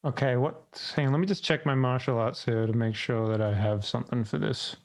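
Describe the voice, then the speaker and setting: A man's voice: medium pitch, steady tone, fairly quick, darkish tone. A man playing a tabletop role-playing game, talking hesitantly with many restarts. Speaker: player.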